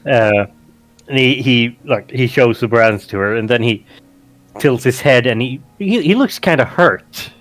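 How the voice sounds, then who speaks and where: A man's voice: medium pitch, unhurried, a bit bright, no room sound, faint music behind. A man playing a tabletop role-playing game who narrates his character's actions, hesitant and full of restarts. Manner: hesitant, repeats words, says "like" a lot. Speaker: player.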